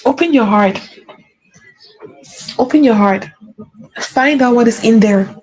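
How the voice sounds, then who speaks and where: A woman's voice: on the high side, unhurried, darkish tone, rough recording. A woman giving an earnest spiritual pep talk as a faith coach, repeating key phrases for emphasis.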